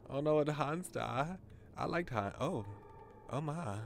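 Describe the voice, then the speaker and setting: A man's voice: on the high side, expressive, a little slow, gravelly, a little hiss or hum. A male streamer chatting casually and joking as he plays through a mystery game. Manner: joking, chatty, thinking aloud. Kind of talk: casual gameplay commentary. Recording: game music behind.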